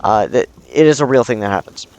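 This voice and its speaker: A man's voice: on the low side, very animated, brisk, darkish tone. A man talking earnestly to camera in casual commentary, often restarting his sentences with uh and um. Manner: earnest, with frequent fillers and restarts. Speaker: video commentator.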